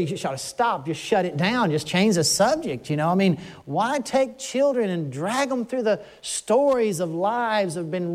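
An older man preaching a conversational sermon, earnest and emphatic, slowing down to stress his words. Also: high voice, darkish tone.

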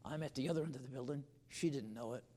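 A man's voice: medium pitch, fast, mellow, in a large hall. A man preaching a sermon, telling a personal story with humor and turning to an earnest appeal.

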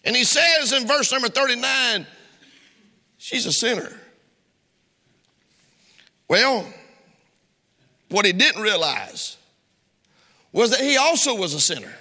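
Very high-pitched and sharp, this middle-aged pastor's voice swings widely in pitch, moving at a measured pace with long pauses. He preaches an impassioned, question-filled sermon to his congregation in a church sanctuary, with long hall reverb.

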